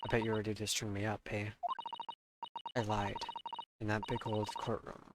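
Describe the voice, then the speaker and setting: A man's voice: lowish voice, level tone, normal speed, heavy background noise, lightly acted. A man doing a defiant street girl. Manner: slangy, defiant, tough. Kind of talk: reading game dialogue aloud. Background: loud game music.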